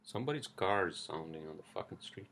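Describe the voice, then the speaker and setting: A man with a very deep, gravelly voice hosts a loose solo podcast. He rambles casually, swears freely and fills his talk with "like" and "uh". He records at home through a cheap headset mic. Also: lively intonation, quick pace, fairly bright tone. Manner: rambling, profane, many fillers. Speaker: podcast host. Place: indoors at home, street traffic outside. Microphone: cheap headphones.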